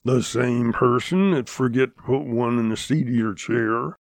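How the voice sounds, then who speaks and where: A man's voice: mid-range voice, measured pace, creaky, no room sound, studio quality. A man voicing a surly, sneering cowhand in a western audiobook, with a growling drawl.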